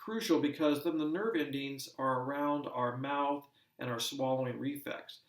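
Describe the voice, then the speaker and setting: A man teaching a recorded lesson, explaining at a measured pace with frequent fillers and restarts. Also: medium pitch, recorded from a distance. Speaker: course instructor. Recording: roomy echo, speaker away from mic.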